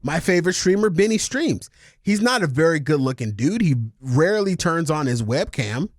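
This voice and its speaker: A man's voice: fairly high pitch, very animated, normal speed, no room sound, studio quality. A man co-hosting a casual podcast, ranting emphatically and swearing often. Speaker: podcast co-host.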